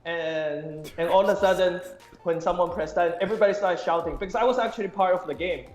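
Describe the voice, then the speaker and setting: High-ish guy on a dull echoey call, kinda halting, soft spoken. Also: over music. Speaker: guest, game studio staff. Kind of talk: remote interview chat.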